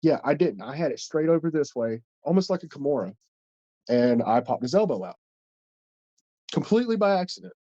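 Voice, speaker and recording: A man tells a story on a podcast in a dark, mellow voice, blunt and swearing nonstop. The sound is dry, with little room echo. The audio is a little muffled and lo-fi. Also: a little high, sing-song, fairly quick, pauses often. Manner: blunt, heavy swearing, rambling. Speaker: podcast host and wrestler. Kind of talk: casual storytelling.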